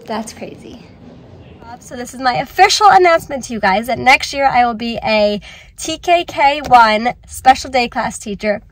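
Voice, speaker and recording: A young woman teacher chatting excitedly in a casual vlog, with many "like"s. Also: a little high, normal speed. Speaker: teacher and vlogger.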